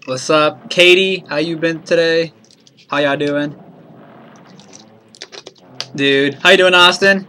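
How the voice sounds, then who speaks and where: A man's voice: on the high side, fairly even intonation, slow, long pauses, bright, forceful tone. A man streaming a game, chatting casually and upbeat, greeting viewers with slang. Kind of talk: casual live-stream chat.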